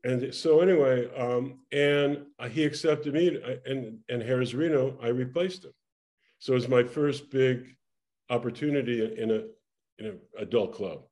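Older man, interview guest, animated storyteller, frequent laughs, stumbling restarts, mid-pitched voice. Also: normal speed. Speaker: interview guest, former actor and singer. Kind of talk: casual anecdotal storytelling.

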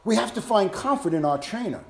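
A man delivering a sermon in a high voice. He drops to a hush for tender passages, then climbs and shouts at the peaks. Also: expressive, fairly quick, gravelly. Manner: swings from soft hushed lines to loud shouted climaxes. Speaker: preacher.

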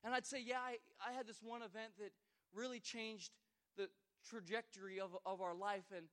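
A man in his thirties preaching a sermon, with many repeated starts, swinging between loud exhortation and quiet storytelling. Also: sits high, steady tone, moderate pace, clean tone. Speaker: pastor.

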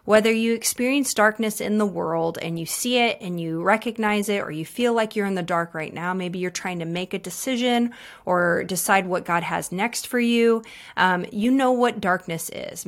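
A woman's voice: medium pitch, a bit bright. A woman in her thirties hosting a devotional podcast, talking in an earnest, encouraging way with casual fillers. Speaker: podcast host.

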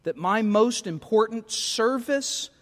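A middle-aged male pastor preaches with a notably high voice, his words trailing off into the long reverb of the sanctuary. He talks in a conversational, self-deprecating way, often tagging his points with quick questions to the congregation. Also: lively intonation. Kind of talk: sermon. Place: church sanctuary.

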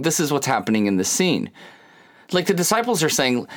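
A man preaching a sermon in a conversational, humorous way, acting out quick bits of dialogue. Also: medium pitch, animated. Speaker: pastor.

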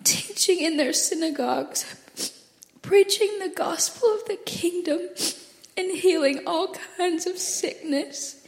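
A woman with an Alabama accent reading scripture aloud in a congregation, halting now and then to correct herself. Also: very high-pitched. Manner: reads haltingly, slips and self-corrects. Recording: distant voice in an echoey hall.

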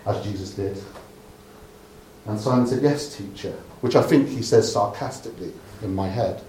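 A man from Dorset with a lowish voice preaches at a normal speed, retelling a story in a chatty way with humorous asides and softening to a hush at the end. The recording is echoey and carries a little hiss or hum.

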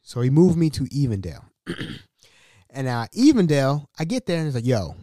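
Animated man telling a work story. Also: on the high side, brisk, no echo, clean studio sound. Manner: animated, slangy, breaks into acted-out dialogue. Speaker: podcast host. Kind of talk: casual storytelling podcast.

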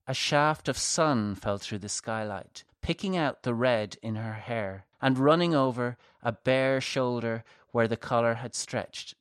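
A man reading a novel aloud as a measured audiobook narrator. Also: mid-range voice, no echo, clean studio sound. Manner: slow, measured.

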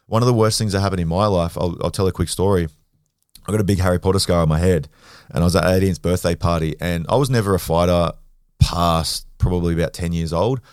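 A deep-voiced Australian man talks at a quick clip, telling stories bluntly and dropping swear words as he goes. The sound is dry and close, with no room around it. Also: smooth, no echo. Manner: blunt, swears freely, animated retelling. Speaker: podcast guest, grappler and former rugby league player. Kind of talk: casual storytelling.

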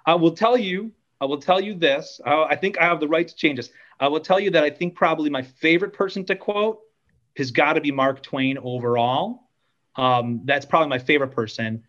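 A man's voice: fairly high pitch, fairly quick, a bit bright, lo-fi sound. A middle-aged man, a podcast guest, telling a rambling, self-deprecating story in casual chat with lots of fillers.

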